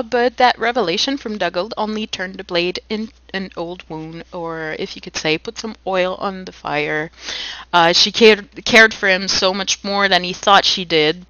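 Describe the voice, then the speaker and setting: A woman's voice: lowish voice, sharp tone, clear, resonant tone, dry recording, lo-fi sound. A woman co-hosting a podcast, reading a novel aloud in a casual way with acted quotes and jokey asides. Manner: reads with acted quotes, breaks off laughing.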